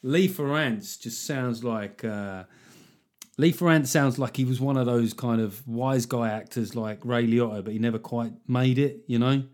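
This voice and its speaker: A man's voice: medium pitch, measured pace, darkish tone. A man hosting a comedy podcast, riffing sardonically and swearing freely in a solo monologue. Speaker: podcast host.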